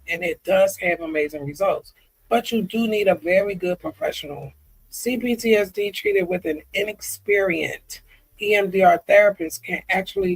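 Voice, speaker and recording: High, gravelly, husky-voiced man vlogging. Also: poor audio. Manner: halting, with frequent ums and restarts; earnest and confiding. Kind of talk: candid personal vlog, reading comments aloud.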